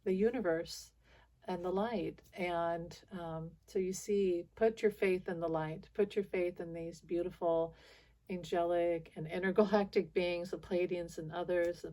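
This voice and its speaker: A woman's voice: fairly low pitch, steady tone, measured pace, warm tone. A woman hosting her own spiritual video channel, talking to viewers in a rambling, frustrated monologue full of restarts and little laughs.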